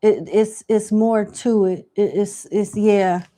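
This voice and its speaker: A woman's voice: mid-range voice, fairly even intonation, takes it slowly, noisy background. A woman giving live tarot question readings in a casual, slangy, chatty way. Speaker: tarot reader.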